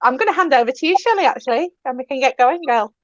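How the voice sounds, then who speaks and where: A woman hosting a live online chat show, laughing often and speaking warmly to her guests. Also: high voice, lively intonation, fast, dry recording. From Scotland. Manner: laughs often, warm and gushing. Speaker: host. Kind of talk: casual chat on a live stream. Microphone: video call. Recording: dull lo-fi online call audio.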